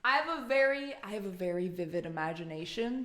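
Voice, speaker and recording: A woman's voice: medium pitch, expressive, brisk, reverberant, over music. A woman with a Canadian accent, chatting casually with her live-stream chat in a giggly, talkative way. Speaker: music streamer.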